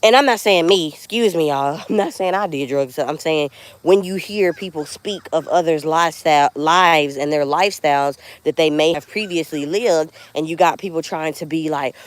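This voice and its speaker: A woman's voice: low voice, moderate pace, no echo. A woman giving an earnest, heartfelt live vlog as she walks through a rural backyard field, speaking straight to her viewers. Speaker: vlogger. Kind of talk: casual motivational live vlog.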